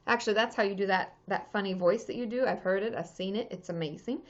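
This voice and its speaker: A woman's voice: mid-range voice, lively intonation, fairly quick, few pauses. A woman therapist chatting casually on a livestream, answering viewer questions with lots of fillers and restarts. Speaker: therapist answering live chat. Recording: dull lo-fi livestream audio.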